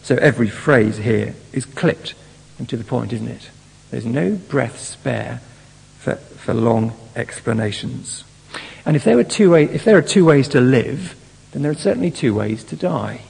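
A man preaching with a gravelly, husky voice, explaining a Bible passage and turning to his listeners with rhetorical questions. Now and then he slips into a mocking voice to act out the scoffers he quotes. A long, lingering reverb hangs behind him, as from a large hall. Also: mid-range voice, expressive, unhurried, a little mellow. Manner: expository, asks the congregation rhetorical questions. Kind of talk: sermon.

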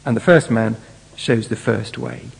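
A man preaching with a gravelly, husky voice, explaining a Bible passage and turning to his listeners with rhetorical questions. Now and then he slips into a mocking voice to act out the scoffers he quotes. A long, lingering reverb hangs behind him, as from a large hall. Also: mid-range voice, measured pace. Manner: expository, asks the congregation rhetorical questions. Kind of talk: sermon.

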